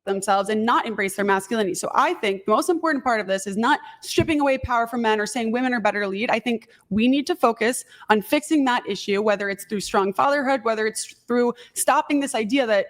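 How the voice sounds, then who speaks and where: A woman's voice: on the high side, quick pace, few pauses. A woman arguing earnestly in a debate, pressing on through interruptions. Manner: earnest, insistent, keeps talking over interruptions.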